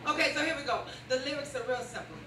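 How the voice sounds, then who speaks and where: A woman's voice: high-pitched, fast. A woman performing stand-up and a spoken-word poem on a club stage, sassy and playful, leading the crowd. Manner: sassy, playful, leads the crowd in call-and-response. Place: comedy club stage before a live audience. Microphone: handheld stage mic heard from a distance. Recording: echoey club, distant mic, loud crowd.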